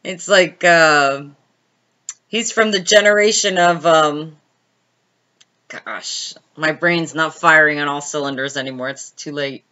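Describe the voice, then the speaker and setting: A woman's voice: low-pitched, unhurried, bright, forceful tone, highs cut off. A woman hosting a casual live stream, chatting and laughing as she answers viewers' comments by name.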